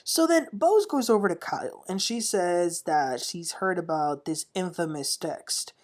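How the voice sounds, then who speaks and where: A woman's voice: lowish voice, animated, a little slow, darkish tone. A woman hosting a casual reality-TV recap, chatty and opinionated, often laughing as she talks. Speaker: TV recap host.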